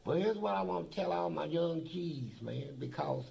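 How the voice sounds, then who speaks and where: A man's voice: a little high, expressive, normal speed, gravelly, mellow, low-quality recording. An older man, a former prisoner, telling blunt, profane stories in a documentary interview. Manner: blunt, profane, boastful storytelling.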